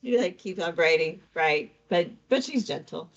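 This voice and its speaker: A woman's voice: fairly low pitch, lively intonation, normal speed, gravelly. A woman narrating her actions in a tabletop role-playing game, casually thinking aloud. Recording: dull lo-fi recording with faint music.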